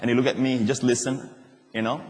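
A male pastor preaches in a lively, storytelling way, slipping into the voices of the people in his stories. His voice sits at an ordinary middle pitch, and a long reverb trails behind him as it would in a big church hall. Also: quick pace. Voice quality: animated, acts out quoted voices, laughs as he talks. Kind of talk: sermon with personal storytelling.

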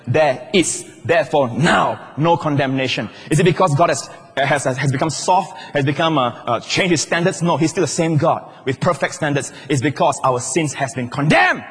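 A male pastor preaches with a fairly high, husky voice, driving his points home and shouting at the peaks. His words ring through a large church hall with a long reverb tail. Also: normal speed, hardly any pauses. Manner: emphatic, shouts at climaxes, swings pitch widely. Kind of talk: sermon.

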